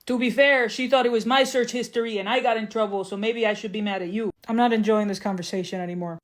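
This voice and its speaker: Give me a deadpan comedic woman. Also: fairly high pitch, fast talker, few pauses. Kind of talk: comedy sketches and stand-up.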